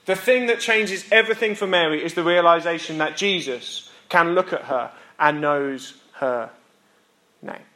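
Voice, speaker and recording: Bright-voiced British male preacher. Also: a little high, echoey room. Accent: British English. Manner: earnest, emphatic pauses, self-deprecating humor. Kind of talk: sermon with humorous anecdotes.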